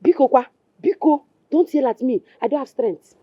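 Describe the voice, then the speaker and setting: A woman's voice: high-pitched, normal speed, lo-fi sound. A woman with a Nigerian accent playing a bitter, sarcastic wife who scorns her husband's niece in a film scene. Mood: scornful. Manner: taunting and sarcastic. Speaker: actress. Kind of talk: Nollywood film acting.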